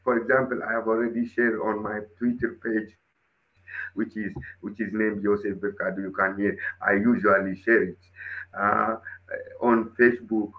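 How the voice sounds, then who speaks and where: A man's voice: lowish voice, flat delivery, moderate pace, narrow, tinny audio. A man giving earnest closing remarks in a discussion, repeating his phrases. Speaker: panel participant.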